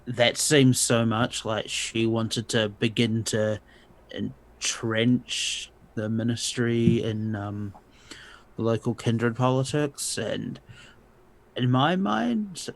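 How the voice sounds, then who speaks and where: A man's voice: on the low side, rough recording. A man playing a tabletop game in character, hesitant and full of ums. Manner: slow, hesitant, many ums. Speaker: player.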